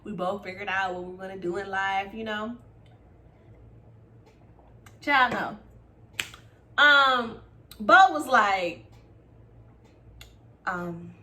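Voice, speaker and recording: Woman recapper, bright forceful tone, lively gossip delivery, faint ambience behind. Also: mid-range voice, drawn-out words, long pauses, a little hiss or hum. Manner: animated and gossipy, swings from loud exclamations to murmured asides. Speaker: reality TV recapper. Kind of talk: casual recap chat.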